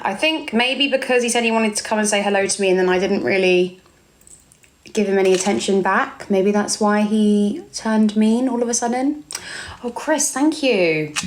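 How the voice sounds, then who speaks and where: A woman's voice: medium pitch, normal speed. A young woman with an English accent, chatting casually on a live stream, reading out viewer comments and calling people darling. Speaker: livestreamer.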